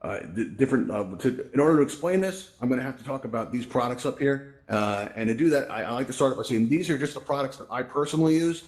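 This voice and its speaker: A man's voice: medium pitch, expressive, fast, hardly any pauses, a little mellow. A man, married and middle-aged, giving a casual, rambling presentation in a virtual reality space, with lots of fillers and asides. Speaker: VR event presenter. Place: virtual reality social space, headset mic.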